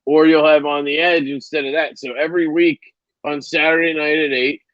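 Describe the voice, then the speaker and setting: A man's voice: on the high side, flat delivery, a little fast, a bit bright, no echo, lo-fi sound. A man hosting a casual live stream and signing off, loose and profane, with plenty of ums and restarts.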